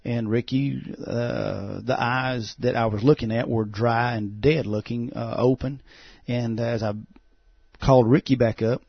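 Gravelly man, halting. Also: mid-range voice, steady tone, no room sound. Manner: halting, many "uh" fillers. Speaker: pastor and guest. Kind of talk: testimony on a talk show. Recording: dull, muffled sound.

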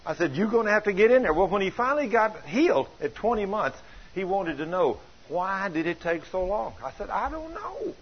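An older man preaching a folksy sermon, telling stories with chuckles and plain colloquial grammar, with a husky voice. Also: high-pitched, expressive, brisk. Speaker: pastor. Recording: dull lo-fi sound.

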